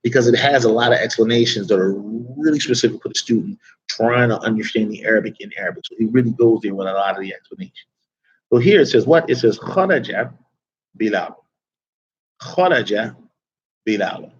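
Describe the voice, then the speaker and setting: A man's voice: medium pitch, quick pace, dull audio. A man teaching an Arabic grammar class in a casual, chatty way, often asking the class rhetorical questions.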